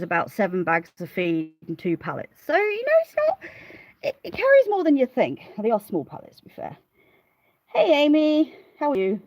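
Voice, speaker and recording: A woman's voice: fairly low pitch, darkish tone, no room sound, low-quality recording. A woman chatting casually on a live stream from outdoors by her car on a smallholding. She rambles, laughs often and greets viewers by name. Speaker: smallholder vlogger.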